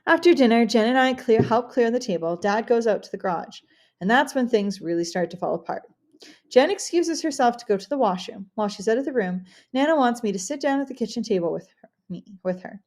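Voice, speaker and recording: A woman reading a first-person novel aloud as an audiobook, expressive, with occasional restarts. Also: on the high side, fairly quick. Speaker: audiobook reader.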